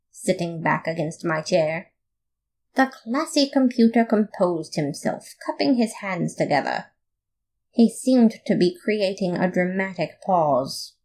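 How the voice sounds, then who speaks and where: Woman reader, slow and animated, playful comic podfic narration. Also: fairly low pitch. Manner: playful, expressive. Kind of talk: first-person comic story narration.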